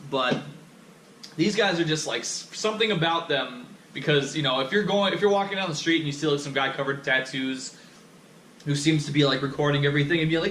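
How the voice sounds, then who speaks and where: A man's voice: a little high, fast talker, fairly bright tone. A young man ranting in a casual monologue, swearing constantly and sounding heated and exasperated, recorded on an action camera. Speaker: vlogger. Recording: echoey room, faint background noise.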